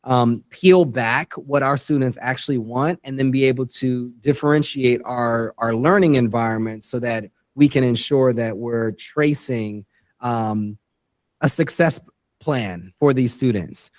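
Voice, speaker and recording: A man's voice: mid-range voice, unhurried, dry recording. A man who is a guest educator on a podcast interview, earnestly explaining his ideas step by step. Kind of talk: interview conversation.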